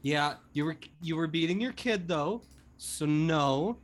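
A man taking part in a tabletop role-playing game. He talks very slowly and thinks through each phrase before he says it. His voice sits at an ordinary middle pitch. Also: animated. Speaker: player. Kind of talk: casual tabletop play.

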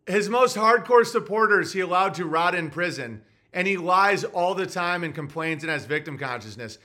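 A man's voice: high voice, expressive, normal speed, bright, forceful tone. A man hosting a live-stream podcast, reading viewer messages and answering with sarcastic, mocking rants.

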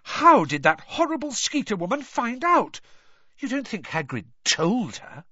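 Un uomo che fa una studentessa vivace e seria. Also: male voice, very high-pitched, very animated, unhurried, sharp tone, slightly rough, no room sound, muffled recording, voice pushed up, exaggerated voice. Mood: shocked. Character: female teen schoolgirl, quick and earnest.

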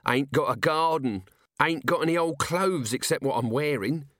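A man's voice: a little high, moderate pace, a bit bright, dry recording, studio quality, pitched above the performer's own voice, natural voice. A man voicing a scruffy, gloomy male corporal who moans about his troubles, in an audiobook. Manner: moaning, despondent. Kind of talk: audiobook character voice.

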